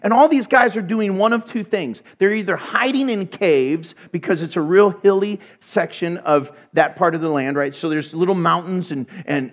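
A man with a notably high voice delivers a sermon. He retells the story in an animated, conversational way and slips in humorous asides. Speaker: preacher.

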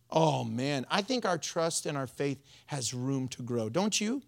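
A pastor giving a sermon in a playful, animated way, often breaking into laughter while explaining scripture. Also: medium pitch, a little slow, vocal fry, hardly any pauses.

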